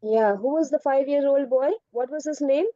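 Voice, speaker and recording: Woman teacher, high mellow voice, patient and explanatory, on a dull, dry video call. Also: moderate pace, no echo. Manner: patient, explanatory, calls students "beta". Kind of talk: online class answering students' questions. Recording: dull online call audio.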